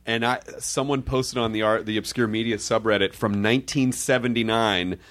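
A man from the United States hosting a casual interview, telling stories in an animated way and laughing often. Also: fairly low pitch, normal speed. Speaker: podcast host.

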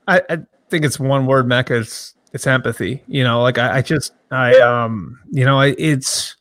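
A man in his thirties, a sports journalist who grew up near Boston, answering interview questions in a halting way with many restarts and fillers. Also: mid-range voice, a bit bright, dry recording, studio quality. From grew up in the Boston area.

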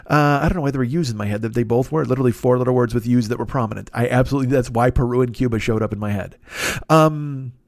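A man's voice: mid-range voice, fast, creaky, darkish tone, no echo, clean studio sound. A middle-aged man hosting a comedy podcast, rambling through a story with lots of swearing and silly noises. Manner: rambling, profane, with goofy sound effects and voices. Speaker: podcast host. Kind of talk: casual comic monologue.

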